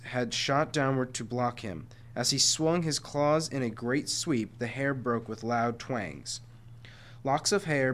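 Man reading a storybook aloud. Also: mid-range voice. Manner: frequent stumbles and self-corrections. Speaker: reader reading a chapter book aloud to listeners.

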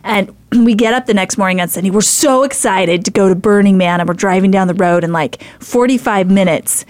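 A woman's voice: medium pitch, a little fast, dry recording. A middle-aged woman hosting a faith show, telling a story in a chatty, rambling way with many fillers and restarts. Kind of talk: casual storytelling.

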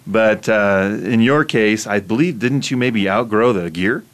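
A man's voice: fairly low pitch, a little slow. A man hosting an interview, chatty and laughing often as he leads with questions. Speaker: interview host. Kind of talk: casual interview.

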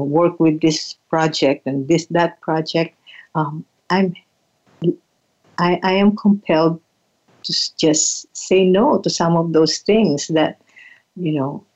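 An older woman telling reflective stories in an unhurried, halting way, often repeating words as she thinks. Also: sits low, darkish tone, lo-fi sound. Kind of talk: reflective storytelling.

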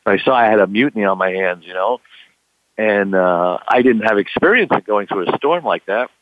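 A man's voice: lowish voice, expressive, fairly quick, no room sound. Older man telling a story over a tinny phone. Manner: rambling, with many "you know" fillers, acts out quoted voices. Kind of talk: casual storytelling. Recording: tinny phone line, dry.

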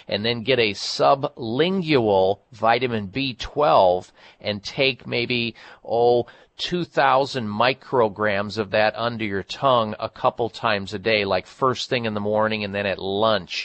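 A man's voice: on the low side, a bit bright, no room sound. A middle-aged man hosting a health call-in radio show, chatty and folksy, often repeating himself and restarting. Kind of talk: casual call-in radio talk.

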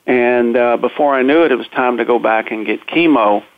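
A man telling his personal story in an earnest, plain-spoken way, pausing on "uh" and restarting his sentences often. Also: mid-range voice, dry recording. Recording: dry, narrow phone-like sound.

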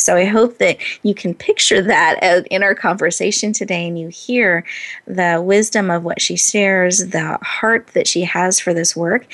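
A woman hosting an interview podcast, gushing and enthusiastic, laughing often. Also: fairly low pitch. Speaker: podcast host.

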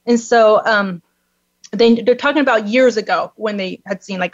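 A woman's voice: moderate pace, dry recording. A woman telling a long personal story in conversation, acting out the people in it with raised voices. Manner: animated, acts out the people in her story with high-pitched voices. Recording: dull, dry lo-fi recording.

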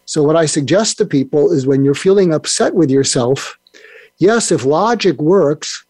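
An older man talking as a podcast guest. He rambles through stop-and-start sentences in a voice a little higher than most men's. The sound is dry and close to the mic. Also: lively intonation, normal speed, a little mellow, no echo. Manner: rambling, with many restarts and fillers. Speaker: guest expert. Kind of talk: podcast interview.

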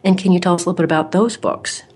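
Low-voiced woman telling a story. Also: rapid-fire, slightly rough. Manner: warm, animated storyteller. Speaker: podcast host. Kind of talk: casual storytelling interview.

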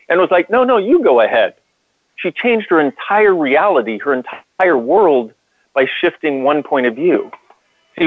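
A man's voice: on the high side, dry recording. A man co-hosting a call-in talk show who tells a story earnestly, with many restarts. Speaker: co-host. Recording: dry phone-line sound.

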